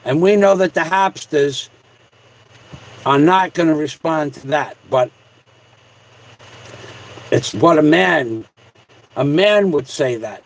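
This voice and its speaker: High-voiced man chatting on a livestream. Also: slow, pauses often, poor audio. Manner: rambling, joking, repetitive shout-outs. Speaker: livestream host. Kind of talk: casual livestream chat reading comments.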